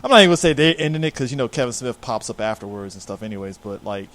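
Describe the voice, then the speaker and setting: A man's voice: medium pitch, animated, racing, a bit bright. A man hosting a casual film chat podcast, laid-back and swearing freely, often trailing off and restarting. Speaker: podcast host.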